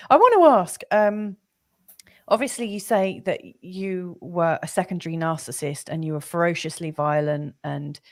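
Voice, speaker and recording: A woman host with a fairly low voice interviews her guest, pausing often on "um" as she gathers her thoughts. Her questions come in a gentle, searching manner. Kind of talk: conversational interview.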